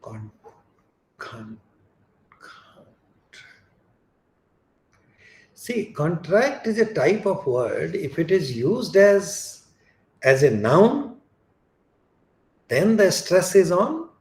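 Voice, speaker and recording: Lively-voiced male teacher in echoey room. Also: a little high, takes it slowly, long pauses. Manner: explains step by step, often checks "get it?". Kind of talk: live online class explanation.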